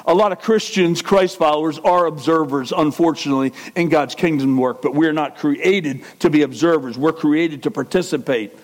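A man preaching a sermon as pastor, animated and jokey, reviewing a verse with quick asides. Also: a little high. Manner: animated, jokey, with voiced impressions and laughs.

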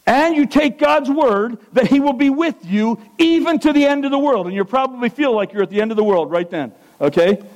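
Male pastor, high voice, energetic sermon that keeps quizzing the congregation. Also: brisk, few pauses, rough recording. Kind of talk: interactive sermon. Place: church.

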